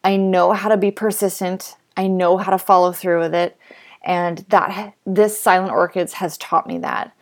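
A woman's voice: lowish voice, steady tone, normal speed. A woman in her thirties hosting a podcast, speaking about her writing in a heartfelt personal monologue, emotional and grateful, with hesitant restarts. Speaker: podcast host and author.

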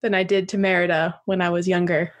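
A woman in her thirties co-hosting a podcast, chatty and animated in casual talk. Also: lowish voice, fast. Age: 30s. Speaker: podcast co-host.

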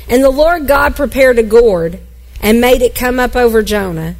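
A middle-aged woman pastor preaching a sermon, reading scripture and acting out the characters with animated storytelling. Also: on the high side, poor audio. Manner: animated storytelling, acts out grumpy Jonah.

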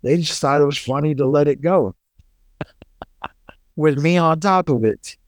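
High-voiced, animated storytelling man. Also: unhurried, no room sound. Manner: animated, profane, laughs through stories. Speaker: podcast co-host. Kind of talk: casual storytelling.

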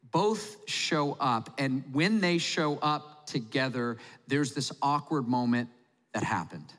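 A man's voice: medium pitch, a bit bright. A man preaching a sermon, telling the story in a conversational, humorous way. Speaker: pastor. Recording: long hall reverb.

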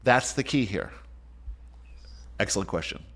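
A man hosting a call as a spiritual teacher, giving a motivational talk in an emphatic, sweeping way that speeds up and slows down. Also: fairly low pitch, lively intonation, a bit bright.

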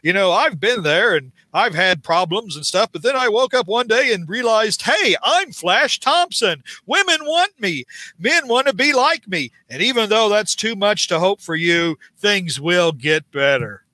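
A man's voice: high voice, very animated, measured pace, sharp tone, dry recording, heavily acted. A man voicing a self-absorbed, cocky young male jock who brags breezily while giving a friend advice. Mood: boastful.

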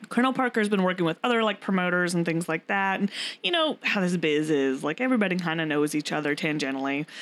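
A woman's voice: lowish voice, fast talker. A woman hosting a podcast, telling a story in casual chat with lots of fillers and frequent laughter. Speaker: podcast host.

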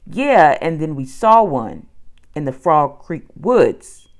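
A woman's voice: low voice, sing-song, slow pace, heavily acted. A woman reading a children's audiobook, voicing a cautious, skeptical young boy in a doubtful, fretful tone. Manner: doubtful, fretful, sometimes shouting.

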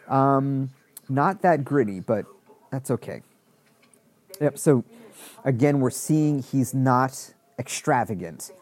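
A man's voice: medium pitch, expressive, takes it slowly, pauses often, a little mellow. A man giving casual reaction commentary on a show, rambling with many restarts. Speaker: show reviewer.

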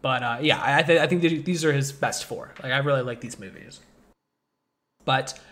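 A man hosting a casual movie podcast, rambling with lots of fillers and getting animated as he talks. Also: medium pitch, moderate pace. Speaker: podcast host.

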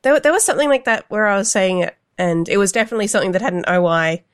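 A woman's voice: medium pitch, racing. A woman from Australia with an Australian accent, chatting casually and laughing a lot. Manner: laughs a lot, short agreeing replies. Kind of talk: casual chat.

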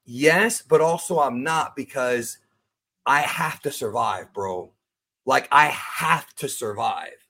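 A man's voice: mid-range voice, lively intonation, slow, creaky, bright, forceful tone, husky. A man talking as a guest on a podcast, speaking frankly and earnestly, with casual slang and many restarts.

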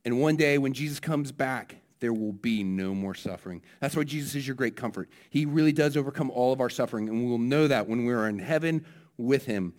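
This pastor, whose mid-range voice runs a little fast, presents a children's message and then preaches a sermon. He speaks energetically and keeps questioning his listeners.

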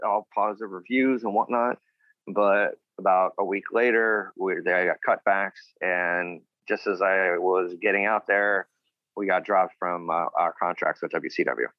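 Low-voiced man telling wrestling stories. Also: fairly even intonation, a little slow, no room sound, muffled recording. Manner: rambling, acts out quotes of others. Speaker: former wrestler, guest. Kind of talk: casual storytelling interview.

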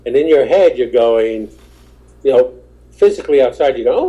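A man's voice: mid-range voice, expressive, normal speed, pauses often, lo-fi sound. A male stand-up comedian, a podcast guest, telling rambling anecdotes in casual chat and acting out the voices of the people in them. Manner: rambling, acts out quoted voices.

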